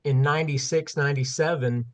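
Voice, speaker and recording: A man making reflective, drawn-out remarks in a casual conversation, heard from farther off the microphone. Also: fairly high pitch, steady tone.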